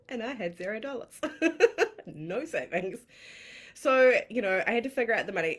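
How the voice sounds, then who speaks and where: A woman with a New Zealand accent, a coach telling her own story in a candid, excitable way, laughing often and swearing casually on a live stream. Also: lowish voice. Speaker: manifestation coach.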